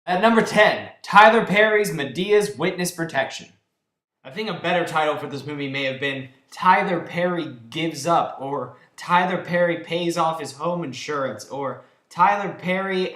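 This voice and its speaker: A man's voice: on the high side, a bit bright. A man giving a countdown of films he disliked, talking in an emphatic, sarcastic and exasperated way. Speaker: film reviewer. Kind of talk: ranting countdown review. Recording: echoey room.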